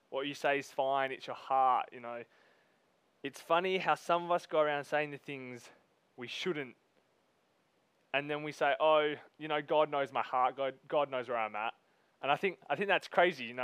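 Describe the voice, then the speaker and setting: Man preaching, smooth dry voice. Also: medium pitch, fairly bright tone, no echo. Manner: reads scripture slowly, then talks to the congregation in a casual, emphatic way. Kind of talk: sermon.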